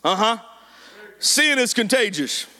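A man preaching a sermon with a shouted, sing-song cadence, repeating his lines for emphasis. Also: high voice, sing-song, slow pace.

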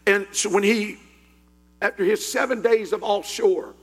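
A man preaching a Pentecostal sermon as a pastor, telling a story in a low voice and then building up to shouted praise. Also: a little slow, in a large hall.

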